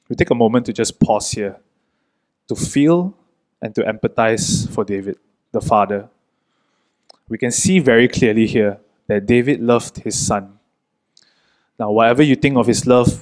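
A man preaching a sermon in an earnest, gentle way, pausing often between short phrases. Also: mid-range voice, rough recording.

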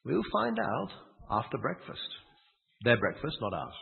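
A man's voice: medium pitch, wildly swooping pitch, a little slow, gravelly. A man preaching a sermon, retelling a story with asides and rhetorical questions. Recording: tinny, phone-like sound with long hall echo.

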